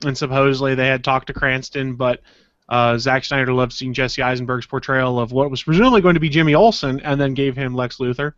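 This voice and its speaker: A man co-hosting a podcast in casual chat, telling anecdotes in a relaxed way. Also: medium pitch, fairly quick, no room sound, muffled recording. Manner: relaxed storyteller, acts out quotes. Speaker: podcast co-host.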